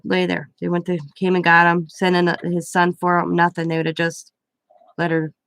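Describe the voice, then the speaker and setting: Gravelly older woman telling a story. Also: on the low side, monotone, brisk, a bit bright. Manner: rambling, chatty, self-correcting. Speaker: craft vlogger. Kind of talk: casual storytelling.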